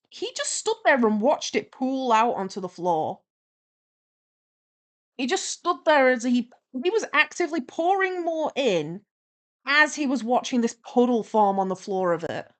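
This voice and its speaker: Chatty woman telling a story. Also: medium pitch. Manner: chatty, animated retelling with lively quoted dialogue. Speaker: streamer. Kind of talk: casual storytelling while animating.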